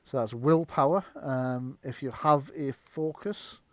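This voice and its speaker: A man narrating and running a tabletop horror game as game master, chatty and quick to laugh. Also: medium pitch, darkish tone, dry recording. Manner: chatty, laughs often, slips into quick character voices.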